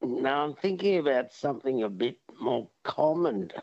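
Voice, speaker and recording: A man calling a radio quiz, drawling and slow. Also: medium pitch, expressive, vocal fry, dry recording. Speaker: caller. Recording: dull phone line.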